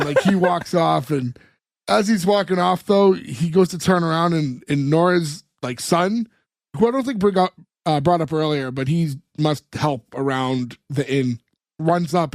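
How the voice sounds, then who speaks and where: A man's voice: a little high, moderate pace, no room sound, clean studio sound. A man co-hosting a casual podcast, recapping a sitcom episode and acting out the characters' lines as he goes. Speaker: podcast co-host.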